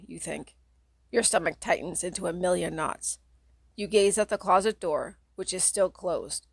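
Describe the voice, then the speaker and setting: Gravelly woman narrating a spooky kids' book. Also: fairly low pitch, a little slow, no echo. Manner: dramatic, second-person storytelling. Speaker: audiobook reader. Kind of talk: scripted narration of a children's horror story.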